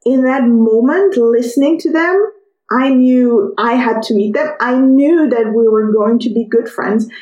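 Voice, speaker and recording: Higher-pitched woman telling a story. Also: measured pace, roomy sound, muffled recording. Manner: lively storyteller, acts out overheard quotes. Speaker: podcast host. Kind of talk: personal storytelling podcast.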